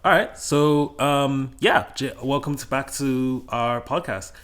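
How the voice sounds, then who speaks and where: Bright-voiced laughing podcast host man. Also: medium pitch, slow. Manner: laughs often, rambling with many restarts. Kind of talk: casual podcast chat.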